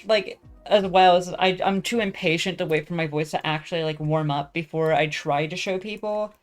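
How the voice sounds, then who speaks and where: A woman's voice: on the low side, moderate pace, few pauses, soft background music. Rambling, swearing young woman vlogger. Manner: rambling, self-deprecating, swears a lot, many fillers. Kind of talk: casual rambling chat.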